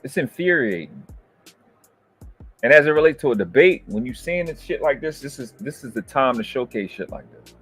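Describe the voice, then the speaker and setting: A man hosting a debate review, ranting in heated, profane commentary that berates and swings up into shouting. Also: mid-range voice, lively intonation, moderate pace, husky, faint music behind.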